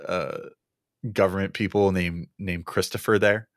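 A young man co-hosting a casual podcast chat, halting and full of ums and uhs, chuckling often. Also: low voice, fairly even intonation. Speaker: podcast co-host.

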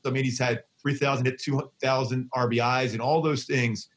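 A middle-aged man with a Philadelphia accent, talking as a guest in a casual interview. He tells stories excitedly, often restarting his sentences. His voice sits at an ordinary pitch. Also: normal speed. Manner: excitable storyteller, frequent restarts. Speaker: baseball broadcaster, guest.

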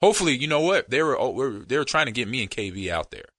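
A man co-hosting a podcast in easygoing, rambling casual chat that often drops to a low murmur. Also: big pitch swings, fast, a bit bright, no echo, clean studio sound. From United States. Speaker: podcast co-host.

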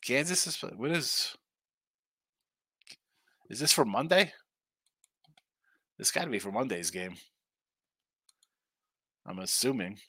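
A man's voice: medium pitch, sing-song, slow pace, pauses often, bright, forceful tone, slightly rough, dry recording. A man hosting a live sports betting stream, talking loosely and bantering as he reads viewer comments. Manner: loose, chatty, banters with chat. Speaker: sports betting show host.

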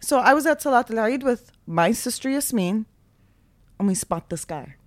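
A woman's voice: on the high side, normal speed, no room sound. A woman in her thirties from the United States, telling a story in a casual chat, acting out the people in it and laughing often. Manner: animated, acts out voices in anecdotes, laughs often.

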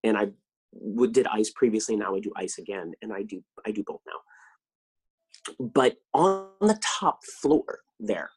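Husky man telling animated stories. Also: on the low side, a little slow. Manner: animated storyteller, acts out quoted lines. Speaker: podcast guest, voice actor. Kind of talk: casual interview chat.

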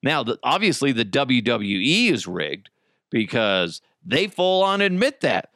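A man's voice: mid-range voice, very animated, measured pace, a bit bright, dry recording, studio quality. Profane ranting podcast host, man. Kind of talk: solo podcast rant.

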